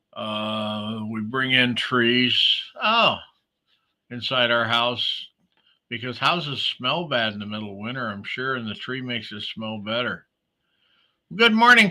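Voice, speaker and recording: A man's voice: a little high, bright, forceful tone. A man hosting a casual morning livestream, chatting with viewers in a rambling way, full of fillers and restarts. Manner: greets commenters by name. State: sleepy, yawning. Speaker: livestream host.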